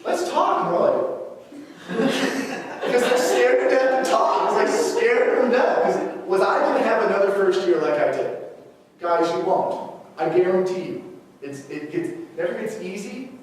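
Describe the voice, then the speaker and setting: Young man, teacher presenting to colleagues, lively storytelling, slightly high voice, heard from afar in a very echoey hall. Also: moderate pace. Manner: animated storytelling, acts out quoted dialogue, frequent "okay?" check-ins. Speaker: teacher giving a staff talk. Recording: echoey hall from far off, faint noise.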